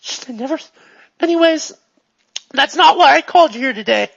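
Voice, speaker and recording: A game master voicing an excitable, pushy female TV star who gushes and swings between loud and hushed. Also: high voice, normal speed, creaky, muffled recording, voice pushed up, heavily acted. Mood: gushing. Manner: gushing, jumps from excited to hushed.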